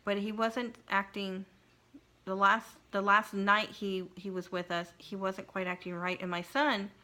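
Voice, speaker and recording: A middle-aged woman vlogger telling a personal story in an emotional, halting way, with frequent restarts and pauses. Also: mid-range voice, little pitch movement, pushed and bright. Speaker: craft vlogger.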